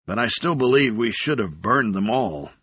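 A man's voice: on the low side, animated, normal speed, a bit bright, breathy edge, dry recording. A man voicing a blunt, stubborn male uplifted chimp aide, speaking plainly and firmly. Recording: slightly dull recording.

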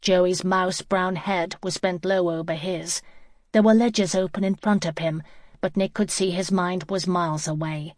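Brief: woman audiobook narrator, low voice, steady and even, dry close sound. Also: moderate pace, no echo. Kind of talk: scripted narration.

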